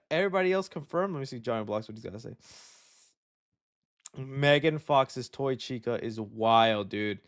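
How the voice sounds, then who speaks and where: A young man hosting a live show, chatting casually and reacting loudly, calling his viewers "dude.". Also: mid-range voice. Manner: excitable, loud reactions, says "dude" a lot. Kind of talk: casual livestream chat.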